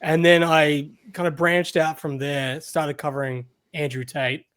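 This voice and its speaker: A man's voice: on the high side, level tone, a little slow, a bit bright. An Australian man guesting on a podcast, speaking casually and hesitantly with many fillers. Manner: hesitant, many ums and restarts. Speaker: guest content creator. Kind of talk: casual interview.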